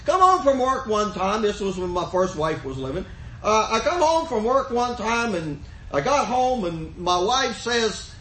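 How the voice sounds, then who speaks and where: An older man preaching, his voice unusually high and bright. He tells homespun stories and then presses his points with fervor. The sound is echoey, as in a church room. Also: big pitch swings, unhurried, a little hiss or hum. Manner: folksy storytelling, rising to fervent emphasis. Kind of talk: sermon.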